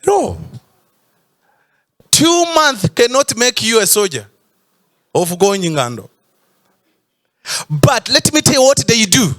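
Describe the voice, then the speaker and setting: A man's voice: extremely high pitch, sing-song, slow pace, pauses often, fairly bright tone. A man preaching a sermon in church, stretching out emphatic phrases and sometimes breaking into a sung tone. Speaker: pastor.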